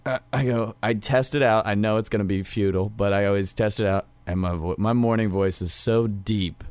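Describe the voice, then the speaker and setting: A man's voice: fairly low pitch, steady tone, a little fast, darkish tone, clean tone, no room sound. A young man telling a rambling story in casual chat, full of fillers.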